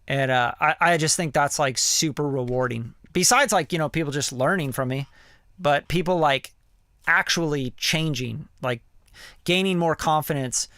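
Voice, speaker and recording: A man talking on a live stream, his voice sitting a bit high for a guy with a gravelly, fry-laden edge. He rambles candidly, peppering everything with "like" and "you know" and swearing freely. The sound is close and dry, with no room around it. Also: moderate pace, pushed and bright, no echo. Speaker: music producer hosting a live stream. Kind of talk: casual live-stream talk.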